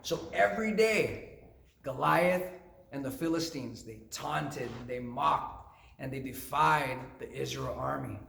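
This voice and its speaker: A man's voice: mid-range voice, takes it slowly, gravelly, fairly bright tone, roomy sound, a little hiss or hum. Playful man telling a Bible story. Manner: playful, jokey asides. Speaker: youth minister.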